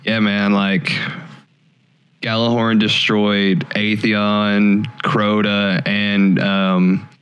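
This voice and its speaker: Man, casual chat, rambling, smooth resonant voice, low pitch. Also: drawn-out words, dull audio. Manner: relaxed, rambling, trails off searching for words.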